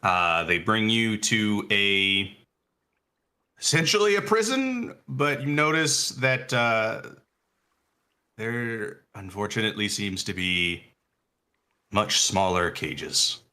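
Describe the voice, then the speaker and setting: A man narrating as game master of a tabletop game, halting and full of fillers. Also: on the low side, lively intonation, sharp tone, clean tone.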